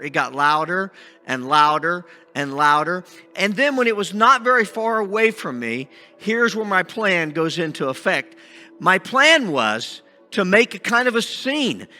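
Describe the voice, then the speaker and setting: A man acting out a scheming blind beggar in a first-person sermon monologue, halting and restarting often, with faint music behind him. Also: high voice, full character voice. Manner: halting with many restarts, shouting out pleas. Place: church sanctuary.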